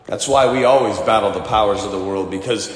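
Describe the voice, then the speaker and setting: A man preaching a sermon, telling stories with lively quoted voices and drawing lessons for his congregation. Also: lowish voice, fairly quick. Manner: animated storytelling with put-on voices for quoted people. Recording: echoey hall with long reverb.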